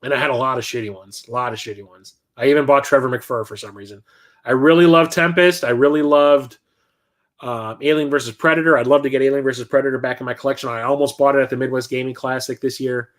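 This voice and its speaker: A man's voice: mid-range voice, fast. A middle-aged man hosting a livestream, telling a rambling anecdote and acting out the people in it. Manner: rambling anecdotes with animated quoted voices. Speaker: livestream host. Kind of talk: casual storytelling on a livestream.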